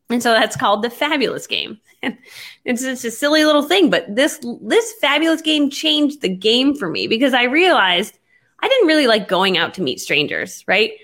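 Lively storytelling woman, fairly high voice. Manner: lively, acts out her own past lines. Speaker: network marketing entrepreneur. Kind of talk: animated storytelling in conversation.

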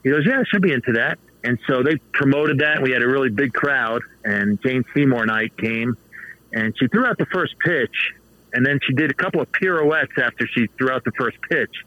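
A man in his fifties telling baseball stories as a guest in a casual interview, animated and laughing often. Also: mid-range voice, moderate pace, muffled recording. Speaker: author and baseball manager guest.

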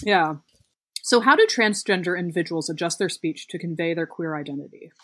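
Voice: mid-range voice, animated, brisk, bright, forceful tone, dry recording. A podcast host interviewing a guest, curious and asking short questions.

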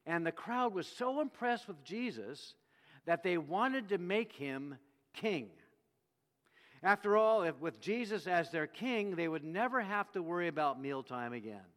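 A man preaching a sermon, telling the story with animated delivery and acting out the quoted voices. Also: high-pitched, measured pace. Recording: long reverb of a hall.

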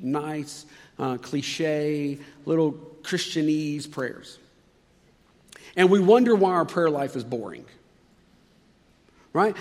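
A man preaching a sermon earnestly, acting out prayers with sudden shifts between loud and quiet. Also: fairly high pitch, long reverb tail. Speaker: pastor.

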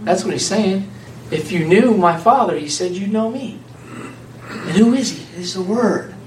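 A man preaching an informal, conversational sermon, animated and laughing often as a small group answers him. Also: high-pitched, unhurried, a little hiss or hum. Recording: echoey room from far off.

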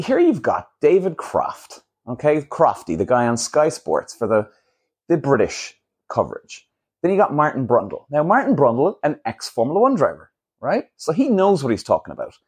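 Husky-voiced man ranting on a podcast. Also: on the high side, normal speed. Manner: blunt, animated, swears freely. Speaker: podcast host. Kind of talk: casual solo podcast rant.

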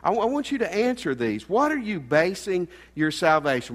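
A middle-aged pastor preaching in a church with a long, ringing reverb. His voice sits a little high for a man, and he moves from loud, pressing points to soft, hushed asides. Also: sing-song, normal speed. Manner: earnest, swings between loud emphasis and quiet asides. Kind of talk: sermon. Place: church sanctuary.

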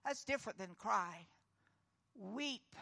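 A woman pastor giving an earnest, comforting sermon, dropping to a hush and then rising with emphasis. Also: fairly high pitch, a little slow. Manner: earnest, comforting, moves between hushed and emphatic.

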